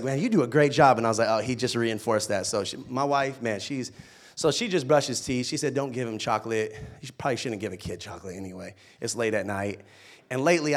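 A young male pastor preaching in an easy, conversational way. He tells playful stories, rising loud and excited, then drops to a soft, hushed tone. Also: mid-range voice. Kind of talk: sermon.

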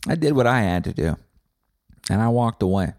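Male podcast host, low dark voice, swearing rant. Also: animated, normal speed, no echo, studio quality. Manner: profane, combative ranting. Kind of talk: comedic rant monologue.

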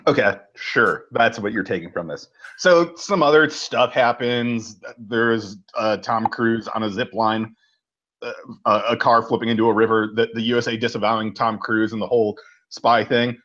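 Guy on a podcast recapping a movie, gets animated, swears a lot, kinda muffled audio. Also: on the low side, moderate pace. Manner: animated storytelling, swears freely. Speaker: podcast co-host. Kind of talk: casual movie recap chat.

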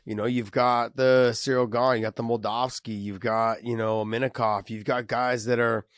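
Raspy man with a cold, dry close mic. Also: mid-range voice, flat delivery, moderate pace, no echo. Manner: rambling with restarts, emphatic. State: has a cold, raspy voice and coughing. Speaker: co-host, fighter analyst. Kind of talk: casual fight breakdown chat.

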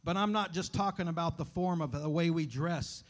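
A man's voice: a little high, moderate pace. A man preaching in a church, reading scripture, praying and telling a folksy story in an earnest, conversational way. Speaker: guest preacher. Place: church sanctuary.

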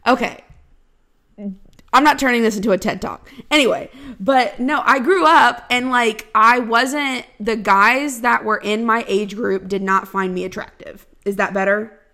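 A woman's voice: on the high side, measured pace, bright, forceful tone. A woman in casual chat who reacts a lot, laughs easily and makes joking asides.

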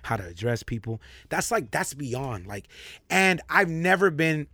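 A man's voice: fairly high pitch, very animated, unhurried, pushed and bright, no echo. A young adult man hosting a podcast, talking candidly and emphatically in casual chat, often repeating himself for stress. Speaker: podcast host.

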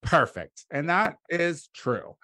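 Male podcast co-host, casual and excitable, higher-pitched, close and dry sound. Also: slow, dry recording. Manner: excitable, jumps high in pitch when amused. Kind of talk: casual comedic podcast chat.

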